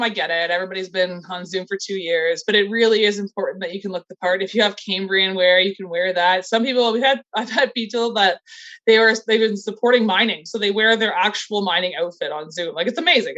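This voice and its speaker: A woman's voice: medium pitch, fairly bright tone, highs cut off. A woman leading a training session, enthusiastic and encouraging, chatty, with frequent "like" fillers. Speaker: college recruitment trainer. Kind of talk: upbeat training presentation. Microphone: video call.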